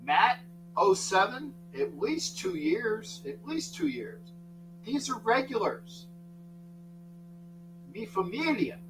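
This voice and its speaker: A man's voice: very high voice, big pitch swings, takes it slowly, creaky, pauses often, music in the background. An older man hosting a live sports talk stream, chatting casually and greeting viewers by name in a rambling way. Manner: rambling, shouts out viewers by name, frequent restarts. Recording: distant mic with faint mains hum.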